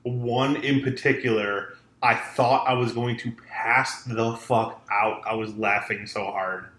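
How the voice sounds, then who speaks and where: A man co-hosting a podcast in relaxed, profane casual chat. His voice sits at a mid pitch, with a noticeable room echo around it. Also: a little slow. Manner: laid-back, profane storytelling. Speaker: podcast co-host. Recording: echoey room.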